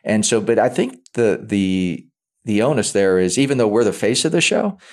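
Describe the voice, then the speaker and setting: Male actor guest, deep voice, stop-start delivery in a relaxed chat. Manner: halting, repeats words often while thinking aloud. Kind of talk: casual interview talk.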